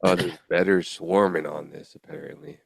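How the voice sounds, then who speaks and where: A man's voice: low voice, fairly even intonation, normal speed, creaky, slightly rough, no room sound. A man co-hosting a podcast in casual banter, laughing often and reading news items aloud. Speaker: podcast co-host.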